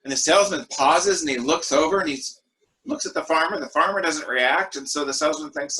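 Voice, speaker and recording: A man leading an online worship discussion over a video call, telling stories in a relaxed way with fillers. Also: a little high, normal speed, rough recording. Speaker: group discussion leader.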